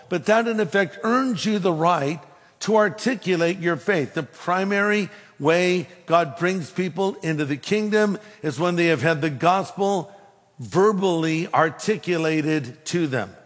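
A man preaching a sermon, telling a humorous personal story in an animated way. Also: high-pitched, measured pace, in a large hall. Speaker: pastor.

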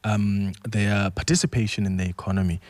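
A man hosting a talk radio show, measured and conversational. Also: lowish voice, flat delivery, no echo. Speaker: radio host. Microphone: studio mic.

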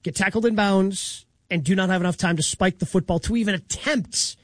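A male sports radio host with a high-pitched voice talks through plays briskly and conversationally. The studio sound is dry and close. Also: no echo. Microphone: studio microphone.

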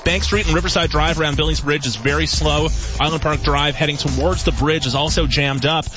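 A man reading the weather and traffic report on the radio in a brisk, steady delivery. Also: on the high side, over music. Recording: dull lo-fi radio broadcast.

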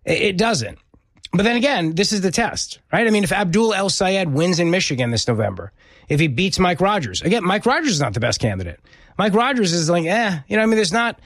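A man's voice: fairly high pitch, a bit bright, no echo. Emphatic male talk radio host, dry sound. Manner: emphatic, repeats words when pressing a point. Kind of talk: opinionated political talk radio.

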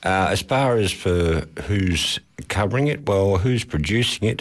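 A man's voice: fairly low pitch, lively intonation, measured pace. A man with an Australian accent, co-hosting a radio music show in easygoing, rambling, joking chat. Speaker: radio co-host.

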